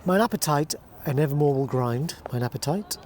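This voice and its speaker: A man's voice: on the high side, a little hiss or hum. Man explaining and reading verse aloud. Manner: explains calmly, then reads lines aloud slowly and deliberately. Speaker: teacher. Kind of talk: verse-speaking lesson.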